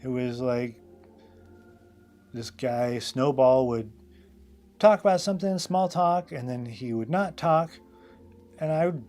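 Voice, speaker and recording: A man's voice: medium pitch, animated, unhurried, long pauses, a little mellow, soft background music. A man hosting a live drawing stream, telling casual stories in a loose, rambling way full of fillers and asides. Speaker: host and illustrator.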